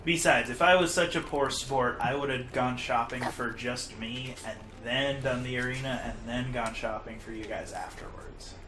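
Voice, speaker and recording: A man's voice: medium pitch, normal speed, few pauses, noisy background. A man hosting a casual gaming session with friends, chatty and self-deprecating, laughing often. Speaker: host and player. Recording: roomy echo.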